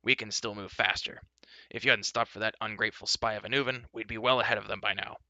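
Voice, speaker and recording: A man's voice: fairly low pitch, steady tone, fast, pushed and bright, no room sound, lo-fi sound. A man voicing a grumpy, impatient dwarf who snaps and scolds in a storybook reading. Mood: scolding. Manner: snappish, scolding.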